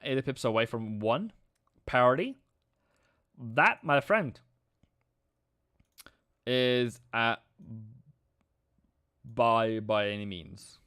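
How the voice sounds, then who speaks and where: A man hosting a live trading stream, excitable and slangy, calling viewers mate and bro. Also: medium pitch, very slow, long pauses, clear, resonant tone, no echo.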